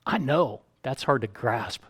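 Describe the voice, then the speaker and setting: A man preaching, his voice sitting at an ordinary middle pitch. He tells stories casually and then presses his points with emphatic force, with a playful streak. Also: lively intonation, a little slow, breathy edge. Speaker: pastor. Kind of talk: sermon.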